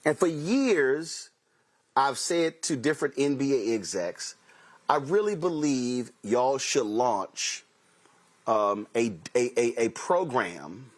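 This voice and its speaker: A man hosting a talk show delivers an emphatic commentary monologue built from anecdotes. His voice is husky and mid-pitched, with lively swings up and down as he plays out both sides of each conversation. He leans on key phrases and repeats them to drive a point home. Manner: storytelling, quotes himself and others in dialogue. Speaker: host.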